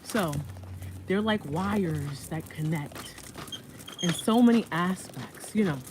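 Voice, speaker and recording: A woman's voice: lowish voice, animated, takes it slowly. A woman walking outdoors with a stroller, chatting casually and rambling about her art, often laughing. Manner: rambling, laughing, talks to her baby in a sing-song voice. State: pushing a stroller while walking. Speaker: vlogger and artist. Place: outdoors on a walk. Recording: noisy outdoor phone recording.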